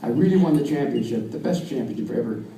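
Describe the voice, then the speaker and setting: A man's voice: medium pitch, lively intonation, fast, dark tone. An older American man, a wrestling coach, giving an earnest induction speech at an awards dinner, repeating his points for emphasis. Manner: earnest, storytelling, emphatic repetition. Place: banquet hall with audience. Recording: distant, echoey hall with faint room noise.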